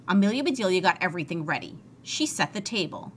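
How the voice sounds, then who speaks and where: A woman reading a children's book aloud in an expressive, sing-song way. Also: on the low side, fairly quick, hardly any pauses, a little hiss or hum. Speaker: storybook reader.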